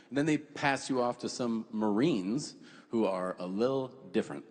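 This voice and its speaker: A man telling stand-up stories in an animated, profane, deadpan style, on a theater stage with a handheld mic. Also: fairly low pitch, normal speed, in a large hall. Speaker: stand-up comedian. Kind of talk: stand-up storytelling.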